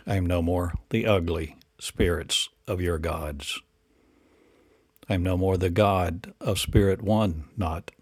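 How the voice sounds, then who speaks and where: A man's voice: sits low, slow pace, husky, no room sound, clean studio sound. A man delivering a rambling spiritual monologue in incantatory, repetitive declarations and rhetorical questions.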